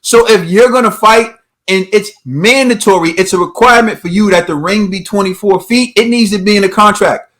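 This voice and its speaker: A man's voice: sits high, a little fast, few pauses, fairly bright tone. A man co-hosting a boxing talk show, ranting emphatically with repeated rhetorical questions. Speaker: boxing podcast co-host. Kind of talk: heated opinion rant.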